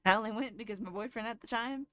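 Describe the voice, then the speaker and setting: A woman's voice: on the high side, fast, pushed and bright, no room sound. Young woman streamer telling a rambling story. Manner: rambling, lots of fillers and restarts. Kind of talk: casual storytelling.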